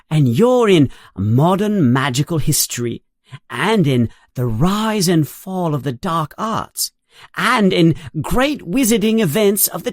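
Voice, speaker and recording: A narrator voicing a bossy, fast-talking know-it-all schoolgirl in a children's story, pitching the voice higher. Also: no room sound, clean studio sound. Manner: quick and bossy.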